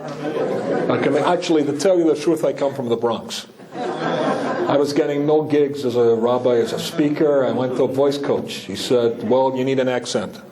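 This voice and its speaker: A man's voice: mid-range voice, moderate pace, crowd noise. A man with a British accent, a rabbi giving a humorous talk to an audience, telling stories and joking with the listeners. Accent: British English. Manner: joking, storytelling, chats with the audience. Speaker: rabbi and speaker. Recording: echoey hall.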